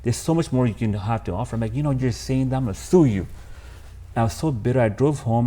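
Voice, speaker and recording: In a relaxed storytelling interview, this podcast guest recounts his life openly and with feeling, addressing the host as "bro." His mid-range voice is dark in tone, and he speaks fairly quickly.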